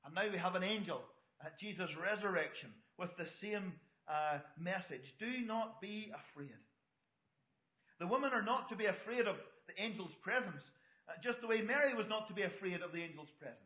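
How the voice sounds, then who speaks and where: Bright-voiced preacher, echoey hall. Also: male voice, high voice, expressive, brisk. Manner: conversational, storytelling asides to the congregation. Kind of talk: sermon.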